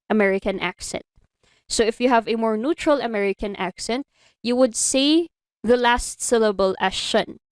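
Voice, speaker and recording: Woman, Filipino accent, online animation lecture, explanatory, medium pitch, dry close sound. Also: clear, resonant tone, no room sound. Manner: explanatory, mixes English with Tagalog phrases. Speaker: animation instructor. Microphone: computer mic on a video call.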